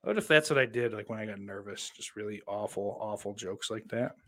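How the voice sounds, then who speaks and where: A young man hosting a live stream, talking loosely and profanely, swinging between loud ranting and quiet mumbling. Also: lowish voice, a little fast. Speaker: streamer host. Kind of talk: casual live-stream commentary.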